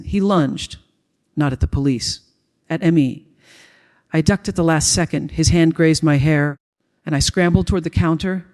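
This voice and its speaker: A man reading a first-person dramatic story as a storyteller, in a steady, even way. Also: on the high side. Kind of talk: scripted first-person narration.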